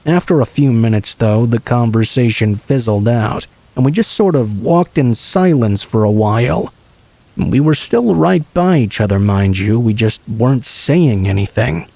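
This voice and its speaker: Mellow-voiced man narrating horror stories. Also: medium pitch, expressive, unhurried, vocal fry, no echo. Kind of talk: scripted horror story narration.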